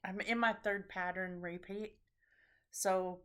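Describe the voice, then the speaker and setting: A woman chatting casually as a knitting show host, tired and a bit scattered. She talks at an unhurried, slow pace, rambling and pausing with ums and restarts. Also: medium pitch, steady tone, fairly bright tone. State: tired after a long trip. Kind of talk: casual chat about knitting projects.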